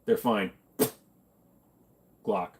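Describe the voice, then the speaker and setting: A man hosting a casual livestream, reading out chat comments and answering them with deadpan jokes. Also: on the low side, extremely slow, heavy background noise. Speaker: livestream host.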